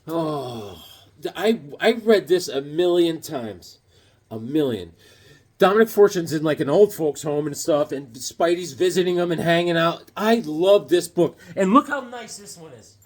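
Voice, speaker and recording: A man chatting casually as he unboxes comics, excitable and gushing, cracking jokes as he goes. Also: sits high. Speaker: comic collector vlogger.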